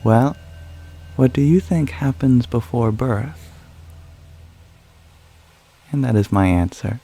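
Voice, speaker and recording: A man speaking softly and calmly as an ASMR livestream host, answering viewer questions. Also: medium pitch, slow pace, husky. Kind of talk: soft-spoken ASMR livestream chat.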